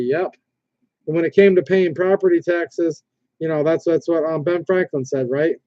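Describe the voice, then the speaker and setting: A man with a slightly high but mellow voice hosts a casual livestream. He rambles, reads viewer comments aloud and keeps restarting his sentences. The sound is dry and dull, like lo-fi stream audio. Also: normal speed, dry recording. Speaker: livestream host.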